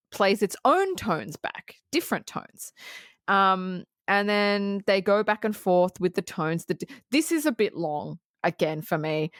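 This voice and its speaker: A woman's voice: mid-range voice, dry recording, studio quality. A woman co-hosting a podcast, chatting casually about a film and retelling scenes with lots of swearing and quoted asides. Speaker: podcast co-host. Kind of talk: casual film review chat.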